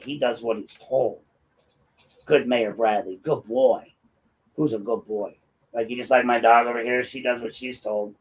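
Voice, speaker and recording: A man's voice: mid-range voice, poor audio. A man hosting his own show, ranting in a combative and mocking commentary. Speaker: host and local activist.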